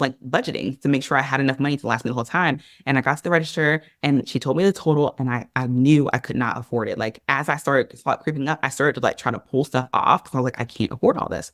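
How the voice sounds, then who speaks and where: A woman guest on a podcast, telling a personal story in an animated, chatty way, full of "like" and "girl". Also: rumbling low, dry recording, clean studio sound. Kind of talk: casual storytelling in an interview.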